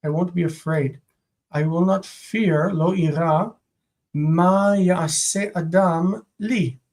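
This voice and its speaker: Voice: medium pitch, fairly even intonation, a little mellow, poor audio. A Biblical Hebrew teacher on a live-streamed homework review, translating phrase by phrase and correcting small slips along the way. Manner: slow, deliberate phrase-by-phrase translating with self-corrections.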